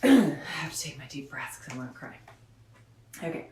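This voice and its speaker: In her son's bedroom, the roomy sound picked up by a phone or camera in front of her amid background noise, a woman radio host chats in a low, sing-song voice. She rambles in a friendly way, then slows to read a children's picture book aloud.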